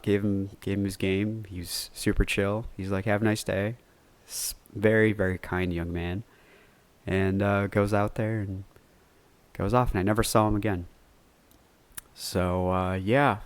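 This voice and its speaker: A man's voice: fairly low pitch, dry recording. A man hosting a podcast, telling a personal story in a loose, rambling way with some cursing. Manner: rambling, loose, cusses freely. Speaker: podcast host. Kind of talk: casual solo storytelling.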